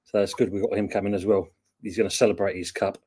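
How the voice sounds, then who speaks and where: A man's voice: lowish voice, fairly even intonation, fast talker, dark tone, slightly rough. A man hosting a casual football chat, easygoing and joking. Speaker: podcast host.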